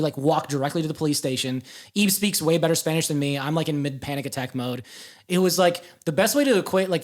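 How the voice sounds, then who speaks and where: Rambling young man telling a story. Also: a little high. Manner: rambling, filler-heavy, swears. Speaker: podcast guest. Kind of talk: casual storytelling.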